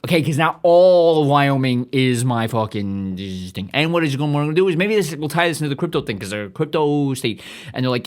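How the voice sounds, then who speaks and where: Fast-talking profane man rambling. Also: a little high, expressive. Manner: profane, rambling, self-aggrandizing. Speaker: podcast host. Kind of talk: rambling comedic monologue.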